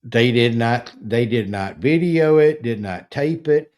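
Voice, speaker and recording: Slow, dark-voiced man telling a story. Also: mid-range voice, animated. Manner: slow, emphatic, indignant storytelling with restarts. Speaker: podcast host. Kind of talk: casual true-crime discussion.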